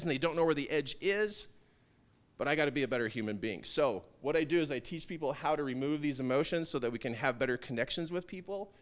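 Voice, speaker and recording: A man's voice: on the high side, fairly bright tone. A man speaking earnestly at a town hall event, emphatic and building to intense peaks. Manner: earnest, emphatic, rising to intense peaks when quoting himself. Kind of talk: motivational talk. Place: event stage.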